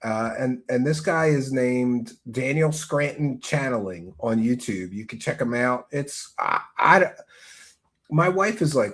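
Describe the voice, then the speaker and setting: A man hosting a livestream, talking in a profane, mocking comedic way and often breaking into shouts. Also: mid-range voice, very animated, normal speed. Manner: loud, mocking, swings into shouting. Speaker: livestream host.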